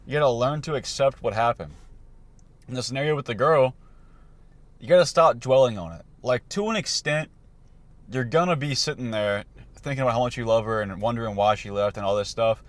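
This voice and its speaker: Young male coach, off-the-cuff motivational talk, mid-pitched, dry close sound. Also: fairly quick, dry recording. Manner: loose and conversational, many fillers and restarts. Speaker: self-improvement coach. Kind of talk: casual motivational talk to camera.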